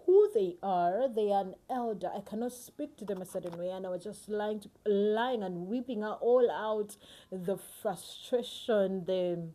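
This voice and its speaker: A woman giving a personal devotional Bible teaching, earnest and emotional, often sinking to a hushed near-whisper. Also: mid-range voice, normal speed.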